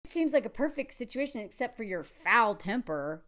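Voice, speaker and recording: Woman, film commentary vlog, high voice, sarcastic, animated, casual. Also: moderate pace. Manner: animated, sarcastic, mixes in acted quotes.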